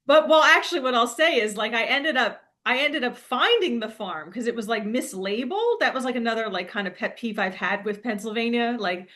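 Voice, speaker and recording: A woman's voice: a little high, expressive, brisk, few pauses, a bit bright. A young woman telling a rambling, laughing story in a casual monologue, full of fillers. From New Jersey. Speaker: spiritual coach.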